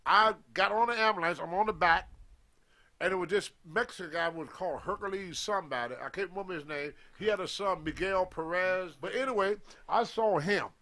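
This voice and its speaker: An older man with a notably high-pitched voice tells a wrestling story in a lively, animated way. He acts out the voices of the people he quotes and speaks in loose, colloquial grammar. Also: brisk. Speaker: former pro wrestler telling a story.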